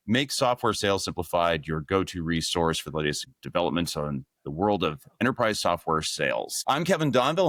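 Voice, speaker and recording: A man's voice: low voice, fairly bright tone, no echo, studio quality. A middle-aged man hosting a podcast, upbeat and friendly, moving from a scripted welcome into easy conversation. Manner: upbeat, scripted intro then friendly chat. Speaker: podcast host.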